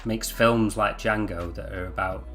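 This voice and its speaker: A man on a discussion podcast. He speaks in a measured way and asks rhetorical questions. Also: fairly low pitch, fairly even intonation, fairly bright tone, soft background music. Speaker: podcast panelist. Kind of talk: casual discussion.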